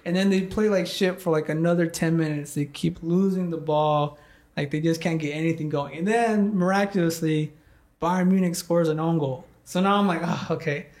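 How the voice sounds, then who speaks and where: He's a young man with a slightly raised, slightly mellow voice, telling a story at a moderate pace in casual conversation. The telling rambles, leans hard on "like," and is full of cursing as he vents.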